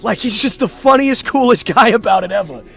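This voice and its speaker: A man livestreaming, telling a story in a casual, animated way with swearing and laughing asides. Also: sits high, brisk, faint music behind.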